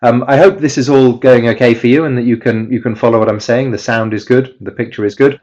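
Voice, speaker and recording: A man's voice: mid-range voice, fairly even intonation, fairly quick, darkish tone. A man presenting a webinar lecture on teaching pronunciation, hesitant with many fillers and restarts, heard over a video call. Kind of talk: lecture-style webinar talk. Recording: slightly dull webinar audio.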